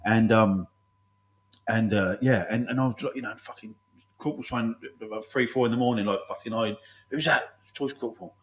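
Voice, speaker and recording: A man's voice: lowish voice, steady tone, brisk, reverberant, low-quality recording. A man telling army stories in casual chat, swearing often and laughing as he goes. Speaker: podcast host.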